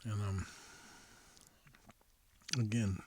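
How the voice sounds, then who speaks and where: A man telling a casual, chatty anecdote in a soft-spoken ASMR style, close to a studio microphone. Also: lowish voice, little pitch movement, very slow. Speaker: ASMR storyteller. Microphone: close studio condenser mic.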